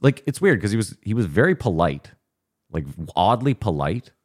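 Man, very low pitch, lively profane storyteller on a podcast mic. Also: moderate pace. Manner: animated storytelling, swearing, laughing often. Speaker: podcast host. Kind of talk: casual podcast chat.

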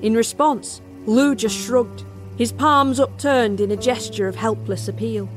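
A woman's voice: a little high, a little slow, close to an everyday voice. A woman narrating a first-person horror tale as a barmaid in an audio drama. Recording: music score underneath.

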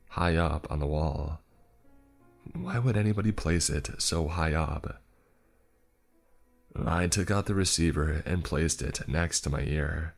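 A man with an extremely deep voice narrates a first-person horror tale. He takes his time, leaning into dry, sarcastic asides. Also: creaky. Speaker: storyteller.

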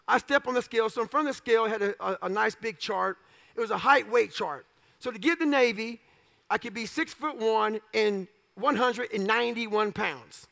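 Male motivational speaker, very high gravelly voice, blunt and profane, self-deprecating storyteller. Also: bright, forceful tone. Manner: punchy clipped phrases.

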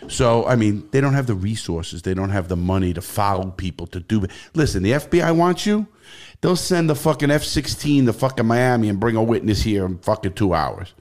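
A man's voice: lowish voice, a little fast. A middle-aged man with a New York accent, telling stories bluntly as a podcast guest, swearing freely. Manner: profane, animated, blunt. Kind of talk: casual interview storytelling.

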